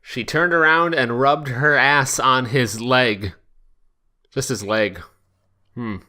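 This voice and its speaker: A man's voice: mid-range voice, slow pace, bright, forceful tone. A man hosting a podcast, doing a wry comic reading of fan fiction aloud. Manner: wry, breaks into laughter.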